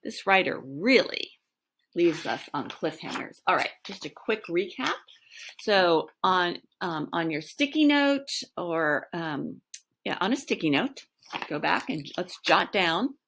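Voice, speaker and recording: A woman's voice: fairly low pitch, animated, takes it slowly, a bit bright, a little hiss or hum. A woman teacher who reads a novel aloud, then recaps the chapter for students in a casual, chatty way with many ums.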